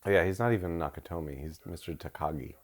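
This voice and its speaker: A man's voice: low-pitched, fast. A man co-hosting a casual movie-watching podcast from his couch at home, joking, swearing freely and slipping into silly voices while he has a cold. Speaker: co-host. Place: living room couch at home.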